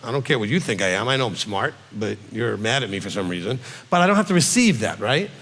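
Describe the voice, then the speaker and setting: A man's voice: fairly low pitch, lively intonation, fast, a bit bright, in a large hall. Man teaching with frequent "okay?" asides. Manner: conversational, frequent "okay?" check-ins; acts out quoted voices. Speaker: rabbi teaching.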